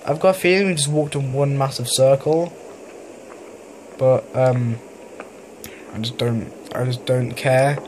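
Recording at home while his family makes noise downstairs, a young YouTuber casually comments on a horror game. His voice is medium-pitched at a normal pace, with a touch of hiss or hum; he's rambling and hesitant and laughs when startled.

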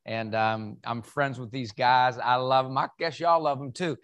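At an event hall, a keynote speaker from West Virginia delivers a humorous motivational talk in a Southern American accent, folksy and packed with jokes. His medium-pitched voice is steady, fairly bright, and moves at a moderate pace.

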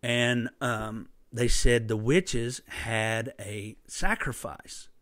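Man, sermon storytelling, mid-pitched voice, emphatic, dry close recording. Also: steady tone, very slow, no echo. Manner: impassioned, emphatic, with sudden loud bursts. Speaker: preacher.

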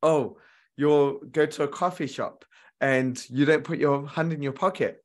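A man's voice: a little high, fairly even intonation, a little slow. A man giving a motivational relationship coaching talk straight to viewers, earnest and repeating key lines for emphasis.

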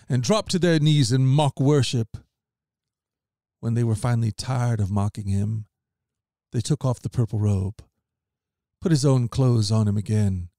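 A man hosting a daily podcast, reading scripture aloud in a steady, earnest voice. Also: mid-range voice, dry recording, studio quality. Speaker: host and Bible reader.

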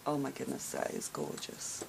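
A woman opening gifts in a casual vlog, talking softly and slowly, gasping and gushing over each item. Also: a little hiss or hum, rough recording. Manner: soft, slow and gushing, many gasps and sighs. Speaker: craft vlogger opening gifts.

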